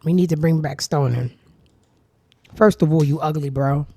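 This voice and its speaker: A young woman hosting a casual commentary show, talking in an animated, profane, sarcastic way with big swings in pitch and loudness. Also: normal speed, husky, dry recording. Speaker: show host. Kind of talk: casual commentary reacting to social media.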